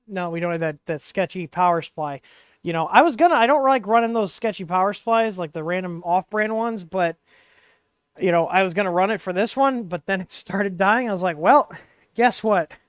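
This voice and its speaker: A man's voice: high voice, fairly quick, clean tone, no echo, studio quality. A man hosting a casual livestream, rambling with lots of fillers as he explains hardware while working on it, speaking into a wireless mic. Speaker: livestream host. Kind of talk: casual hands-on tech livestream.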